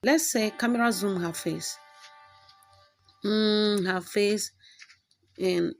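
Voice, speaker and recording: A woman's voice: medium pitch, slow pace, pauses often, soft background music. A woman hosting a step-by-step tutorial, explaining as she goes and often checking in with "okay". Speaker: tutorial host. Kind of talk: screen-recording tutorial.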